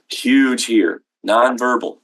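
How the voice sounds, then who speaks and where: A man's voice: mid-range voice, fairly bright tone, poor audio. A middle-aged man leading a healthcare billing training webinar, talking conversationally with frequent ums and acting out little dialogues.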